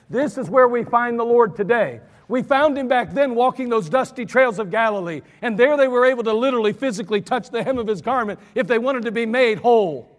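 High-voiced preacher man in a big hall. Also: a bit bright. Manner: emphatic, repetitive, slows for stress. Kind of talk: sermon.

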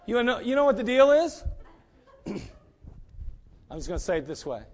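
A man's voice: high-pitched, very animated, a little slow. A middle-aged man, a pastor, preaching emphatically and telling a story. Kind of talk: sermon.

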